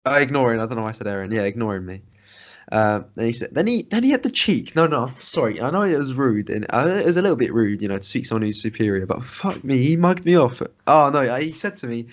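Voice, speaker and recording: A man's voice: medium pitch, lively intonation, quick pace. A young man co-hosting a podcast, rambling and swearing as he retells an annoying story in casual chat. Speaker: podcast co-host. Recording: dull lo-fi sound.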